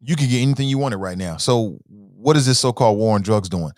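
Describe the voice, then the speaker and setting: A man's voice: on the low side, expressive, a little fast, darkish tone, no room sound, clean studio sound. A man hosting a talk show in a casual livestream commentary style, reading viewer comments aloud and often starting with "uh", then stressing words as he argues his points.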